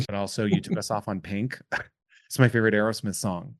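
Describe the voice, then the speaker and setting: A man's voice: lowish voice, fairly quick, no echo. Joking male podcast host, dry sound. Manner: rambling, jokey, self-deprecating. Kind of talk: casual chat.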